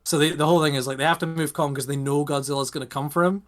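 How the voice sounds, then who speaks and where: A man's voice: a little high, rapid-fire. Rambling British man on a podcast. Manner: rambling, animated, full of rhetorical questions. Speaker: podcast co-host. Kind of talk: casual chat.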